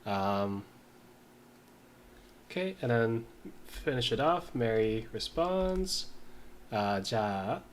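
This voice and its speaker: A man in a casual study session, reading lines aloud slowly and mumbling as he writes and sounds out words. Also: medium pitch, animated, a little hiss or hum. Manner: slow, mumbling while writing, sounds out words. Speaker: language learner.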